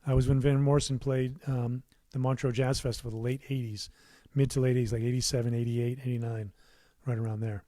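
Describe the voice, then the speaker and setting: Middle-aged male musician, relaxed rambling livestream host, dry close studio sound. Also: mid-range voice, a little fast, hardly any pauses, no room sound. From United States. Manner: rambling, warm asides, many fillers and restarts. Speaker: musician hosting his own livestream. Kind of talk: casual livestream chat. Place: his home recording studio.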